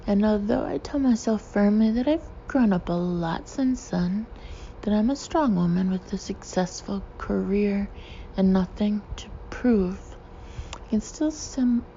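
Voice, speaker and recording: A woman narrating a first-person audiobook expressively, slipping into soft breathy asides. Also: medium pitch, dull audio, slight background noise.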